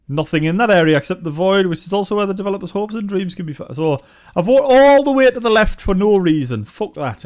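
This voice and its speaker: Brief: a deadpan, foul-mouthed male game reviewer with a high, animated voice. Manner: sarcastic, swearing, deadpan. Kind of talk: let's-play commentary.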